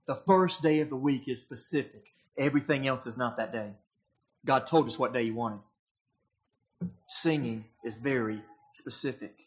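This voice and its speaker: A man's voice: medium pitch, moderate pace, lo-fi sound. A man preaching a sermon, emphatic and posing rhetorical questions to his congregation.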